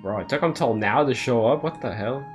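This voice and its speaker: A man's voice: medium pitch, a little fast, faint music behind. A man joking and laughing in casual chat while playing through a video game. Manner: laughs often, jokey. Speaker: co-host, voicing game characters.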